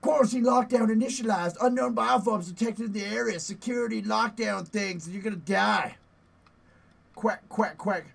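A man streaming a horror game, yelling and playfully cursing at enemies, out of breath after push-ups. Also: sits high, normal speed, vocal fry, hardly any pauses, slightly rough. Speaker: gaming streamer. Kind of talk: live gameplay commentary.

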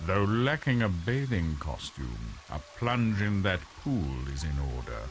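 Sly grinning cat, super deep voice swooping all over, game music behind. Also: male voice, sing-song, measured pace, exaggerated voice. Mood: sardonic. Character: sly grinning male cat, cryptic and sardonic.

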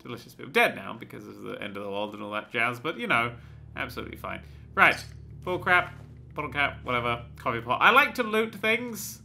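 A man's voice: mid-range voice, fairly quick, creaky, sharp tone, a little hiss or hum. A man hosting a let's play, talking through the game with jokey, sweary, rambling asides. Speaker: gaming channel host.

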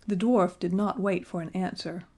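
Mellow woman narrating a storybook. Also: on the low side, fairly even intonation, normal speed, husky. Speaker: audiobook narrator.

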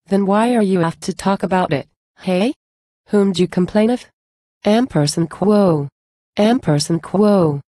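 A woman recites narrative verse slowly, her voice low and mellow. The sound is dry and close, with no room around it. She reads stray symbols aloud as if they were words. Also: dry recording. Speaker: poetry reader. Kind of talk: scripted poetry recitation.

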